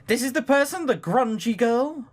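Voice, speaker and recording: A haughty older lady drawls in a ridiculous fake French accent, as a man puts her on. The voice sits high and swoops dramatically, and every line drips with snobbery. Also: lively intonation, moderate pace. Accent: put-on French. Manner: snooty, theatrical. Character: haughty older woman with an over-the-top foreign accent.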